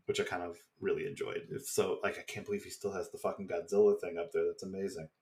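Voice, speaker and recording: A man co-hosting a podcast, casually recapping a TV episode with swearing and quick mock voices of the characters. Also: sits low, little pitch movement, darkish tone. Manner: swearing, chatty, acts out quick impressions. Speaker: podcast co-host.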